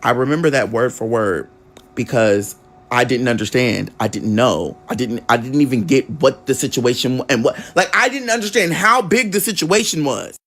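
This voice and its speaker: A man's voice: medium pitch, normal speed, a bit bright. A man telling a personal story in a casual vlog, candid and conversational with frequent swearing.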